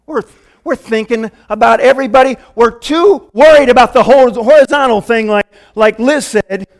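High-voiced pastor in his fifties. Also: normal speed. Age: 50s. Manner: casual, earnest preaching with folksy asides. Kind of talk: sermon.

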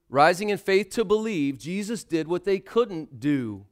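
A man preaching a sermon, dramatic, swinging between hushed quotes and loud calls. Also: high voice, animated, unhurried, hardly any pauses.

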